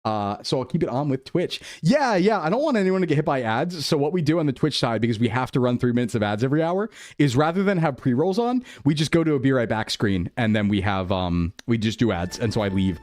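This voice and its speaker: Flustered, lively male streamer. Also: medium pitch, fast talker, dry recording, clean studio sound. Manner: laughing, flustered, defensive. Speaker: VTuber streamer. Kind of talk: casual livestream chat. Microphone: desktop streaming mic.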